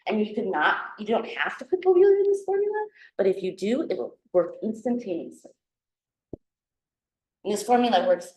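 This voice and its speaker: A woman's voice: medium pitch, sing-song, brisk, long pauses, a little mellow, recorded from a distance. Chatty woman herbalist in an echoey room. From Minnesota. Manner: chatty, laughing, many restarts and fillers. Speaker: herbalist teacher. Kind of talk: casual talk to a guild audience. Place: room at a guild meeting.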